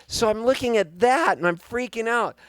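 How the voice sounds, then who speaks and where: A man in his fifties telling a long comic story live on stage, animated and rambling with wry timing. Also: extremely high pitch, normal speed, clean tone. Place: live music venue on stage.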